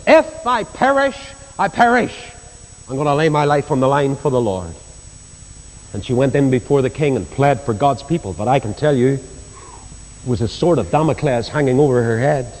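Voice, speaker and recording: Northern Irish preacher in a reverberant hall. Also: male voice, expressive, moderate pace, long pauses. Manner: storytelling, acts out quoted voices, rises in pitch for emphasis. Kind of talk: sermon.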